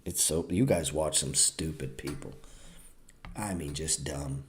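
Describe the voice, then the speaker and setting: A man's voice: very deep voice, a little slow, a little hiss or hum. A man hosting a live-streamed trading class, talking bluntly, swearing freely and lecturing with a sarcastic edge. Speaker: trading educator and show host.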